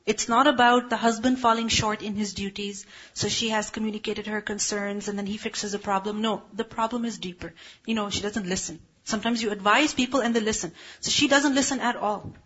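A woman gives a religious lecture, explaining point by point and asking rhetorical questions. Her voice sits fairly high and sounds husky. The recording is dull and lo-fi. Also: a bit bright. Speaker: religious teacher.

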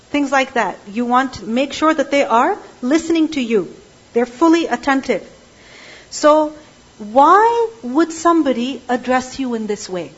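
A woman's voice: sits high, husky, dull audio. A woman teaching a Quran class, explaining verses and checking in with her students with frequent questions.

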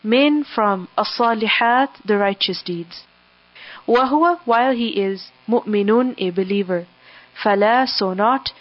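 Measured woman reciting word by word. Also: mid-range voice. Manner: measured, pausing after every word or phrase. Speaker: scripture reader and translator. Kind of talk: word-by-word recitation with English gloss. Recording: dull, dry lo-fi recording.

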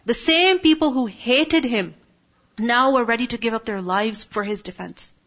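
A woman in her thirties teaching an Islamic class in a calm, conversational way, often checking in with her listeners. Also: on the high side, moderate pace. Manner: calm, conversational, many tag questions. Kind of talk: religious class talk. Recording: dull lo-fi recording.

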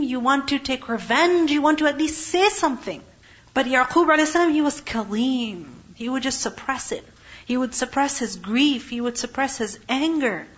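A woman giving a religious lesson, asking questions and answering them herself, and reciting verses slowly. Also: on the high side, lo-fi sound. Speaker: Quran teacher.

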